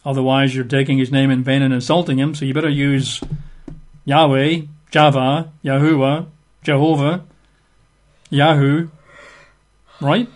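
A man's voice: mid-range voice, flat delivery, measured pace, long pauses. A man teaching a Bible study in a methodical way, spelling out words letter by letter and posing rhetorical questions. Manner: rhetorical questions, emphatic asides.

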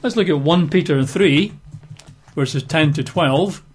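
A man leads a Bible study with a voice pitched a little high. He works through the text methodically, spells out words letter by letter and adds emphatic rhetorical asides. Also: takes it slowly, breathy edge. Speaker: Bible teacher.

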